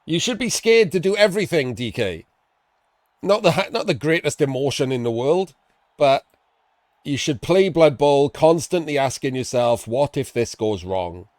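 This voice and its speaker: A man casting a live tabletop-style video game match, chatty and excitable, laughing and swearing casually as he explains the plays. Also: on the high side, normal speed, no room sound, clean studio sound. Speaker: esports commentator.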